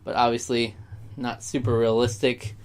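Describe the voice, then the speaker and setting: A man's voice: mid-range voice, level tone, normal speed. A young man with a mid-range voice talks straight to camera in a loose, rambling vlog. He drifts off track, restarts his thoughts and speaks with open, sincere feeling. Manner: rambling, sidetracked, heartfelt. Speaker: YouTuber. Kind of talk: casual vlog monologue.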